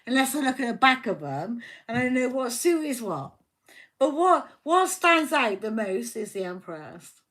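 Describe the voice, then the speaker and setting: A woman reads tarot cards on a live stream, her voice sitting a little high for a woman. She talks slowly and deliberately, but she is fired up and swears almost every line. She speaks with fierce protectiveness toward the person the reading is for. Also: big pitch swings, fairly bright tone. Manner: heated, swears constantly. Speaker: tarot reader.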